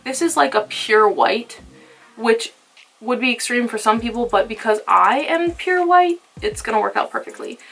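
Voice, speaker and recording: A young woman chatting casually through a makeup tutorial, playful and sometimes dropping to soft murmurs. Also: fairly high pitch, normal speed, creaky, faint music behind. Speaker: beauty vlogger.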